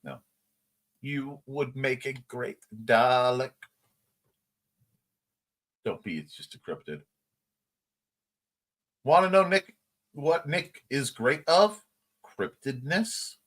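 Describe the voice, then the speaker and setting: A man's voice: medium pitch, animated, slow, pauses often, a bit bright. A man hosting a casual livestream morning chat, reading viewer comments aloud and laughing along. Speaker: host.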